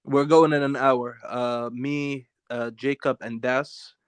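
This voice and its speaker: A man's voice: mid-range voice, steady tone, slow, smooth, no room sound. A man co-hosting a streamed call-in show in casual banter, teasing and mocking the others and talking over them. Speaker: co-host.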